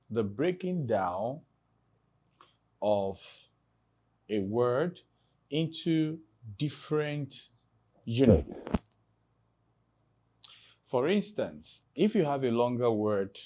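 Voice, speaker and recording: Warm-toned and mid-range, this Nigerian tutor walks students through exam prep English at a slow pace, spelling out each word one letter at a time.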